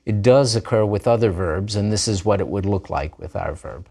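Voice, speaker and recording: A man's voice: on the low side, moderate pace, vocal fry, mellow, faint music behind. A man teaching a recorded grammar lesson, drilling forms patiently with repeated examples. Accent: Israeli Hebrew pronunciation of Hebrew words. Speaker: language teacher.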